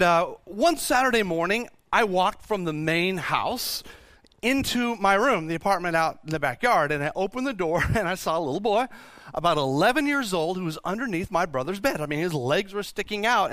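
A man's voice: high voice, expressive, normal speed, a bit bright, no room sound, clean studio sound. A male pastor from Texas preaching a sermon in church, emphatic, asking rhetorical questions and often restarting his sentences.

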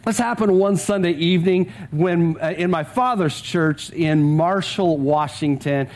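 Man, middle-aged pastor, high voice, sermon, storytelling, repeats words, chuckles. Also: measured pace, hardly any pauses, a little mellow. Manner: storytelling, with frequent word repeats; chuckles often while talking. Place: church service with a live congregation.

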